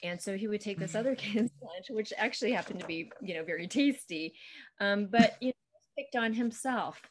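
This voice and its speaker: A woman's voice: mid-range voice, animated, fairly quick, slight background noise. A woman author chatting on a video call, retelling her book's story in a chatty way full of "um" and "you know". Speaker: children's book author. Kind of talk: casual interview, retelling a story.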